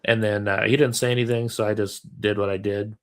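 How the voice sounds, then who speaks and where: A man's voice: on the low side, a little fast. Laid-back man telling a rambling story. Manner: relaxed, rambling with many fillers. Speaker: comedian. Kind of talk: casual storytelling chat. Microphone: remote call.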